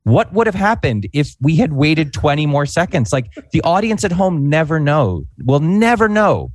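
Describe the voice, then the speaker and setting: A man in his forties telling an anecdote in animated, casual podcast chat, peppered with fillers. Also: on the high side, no room sound. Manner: animated, fast-paced anecdote with frequent "like" fillers. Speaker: podcast guest, former comedy writer. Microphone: podcast microphone.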